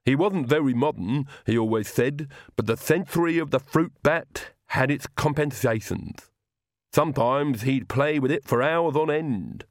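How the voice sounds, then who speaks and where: A man voicing a devoted old male castle servant who speaks slowly and deliberately. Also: medium pitch, no echo, studio quality, pitched above the performer's own voice, natural voice. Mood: wistful. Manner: slow, deliberate, matter-of-fact.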